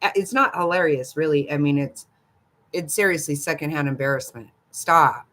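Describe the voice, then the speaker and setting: A woman's voice: sits low, moderate pace, a bit bright. An older woman hosting a casual livestream, chatting gossipily with viewers and giggling often. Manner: giggly, gossipy, talks back to chat. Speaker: livestream host. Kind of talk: casual live chat with viewers.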